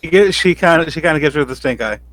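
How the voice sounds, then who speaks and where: A man's voice: on the high side, animated, fast talker, a bit bright, no echo. A man co-hosting a podcast, chiming in with brief, dry agreeing comments in casual chat. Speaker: podcast co-host.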